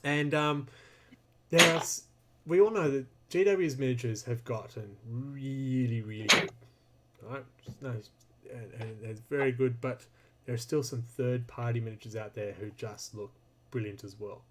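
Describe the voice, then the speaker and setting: A man's voice: medium pitch, measured pace, heavy background noise. Chatty man hosting a podcast. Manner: chatty, laughs often, loud as if shouting at the mic. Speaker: podcast host. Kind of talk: casual hobby podcast chat. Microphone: desk mic while streaming.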